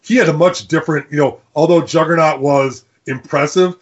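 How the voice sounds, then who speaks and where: Husky man rambling about films. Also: on the high side, brisk, muffled recording. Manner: rambling, animated, many restarts and asides. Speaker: podcast co-host. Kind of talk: casual movie discussion.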